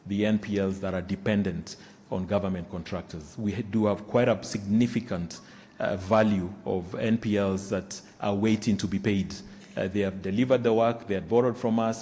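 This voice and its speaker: Man, lower voice, halting results presentation full of fillers, hall reverb. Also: a little mellow. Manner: halting, many fillers and restarts. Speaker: bank executive presenting results. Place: conference room.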